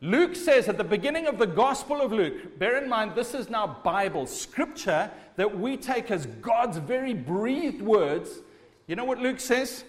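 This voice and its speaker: A man's voice: high voice, big pitch swings, unhurried. A man preaching a sermon, speaking with emphasis and asking his listeners rhetorical questions. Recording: long hall reverb.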